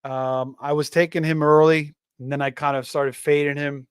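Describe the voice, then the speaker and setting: A slightly high, smooth male voice with little pitch movement and a moderate pace. He's running a fantasy football livestream, reading chat messages in a casual manner full of fillers and restarts. No room sound; clean studio quality.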